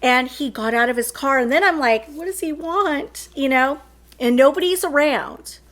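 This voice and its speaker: A woman's voice: sits high, lively intonation, moderate pace, a bit bright. A woman hosting her own channel, earnestly telling a heartfelt personal story with many "like" fillers. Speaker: channel host.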